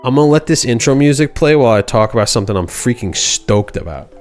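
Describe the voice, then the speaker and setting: A man's voice: medium pitch, animated, fast talker, faint music behind. A man hosting a game livestream, telling a goofy story in casual slang, rambling with restarts. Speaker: livestream host.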